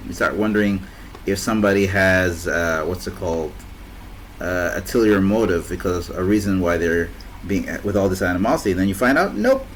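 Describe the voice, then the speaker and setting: Lively low-voiced man, casual chat. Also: brisk, slight background noise, poor audio. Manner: rambling, laughs often, restarts. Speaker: host.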